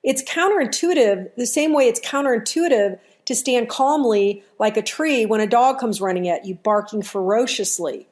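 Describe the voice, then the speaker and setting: A woman telling a story as part of a lesson, in an expressive storytelling manner. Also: on the high side, normal speed, hardly any pauses. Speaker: workplace culture speaker.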